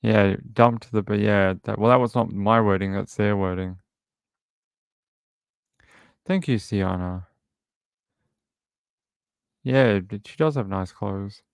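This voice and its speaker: A man's voice: lowish voice, slow, vocal fry, long pauses, clear, resonant tone, no room sound. A man hosting a true crime livestream, rambling casually and thinking aloud.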